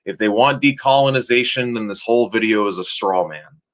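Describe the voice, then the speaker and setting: A man's voice: fairly low pitch, brisk. A man giving casual reaction commentary to a video, rambling and sometimes losing his train of thought.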